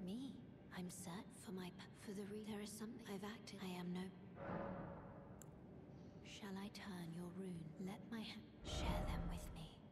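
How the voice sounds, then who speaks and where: A woman voicing a hushed fantasy guide. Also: steady tone, normal speed, close to an everyday voice. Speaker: game character. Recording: echoey game audio under loud rumble.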